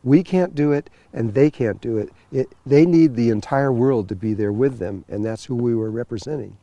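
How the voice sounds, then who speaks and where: A man's voice: medium pitch, normal speed, mellow, dry recording, muffled recording. Guy telling a long story, lots of uh and restarts, dry close sound. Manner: rambling, full of fillers and restarts. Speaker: spiritual teacher telling a story. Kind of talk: storytelling talk.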